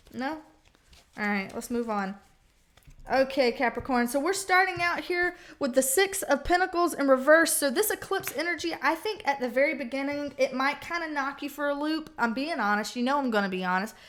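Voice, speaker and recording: A woman's voice: high voice, normal speed, fairly bright tone. A woman giving a casual tarot reading, blunt and chatty, swearing freely and acting out the people she quotes. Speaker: tarot reader.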